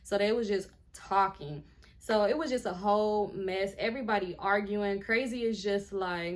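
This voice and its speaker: A young woman vlogger telling a story in a casual, animated and profane way, often sounding indignant. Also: mid-range voice, moderate pace.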